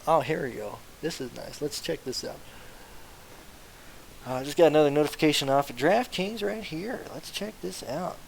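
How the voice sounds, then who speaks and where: A young man casually streaming about fantasy sports, rambling, excitable and swearing freely. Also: fairly high pitch, moderate pace, creaky, rough recording. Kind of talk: casual live-stream chat. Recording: faint hiss.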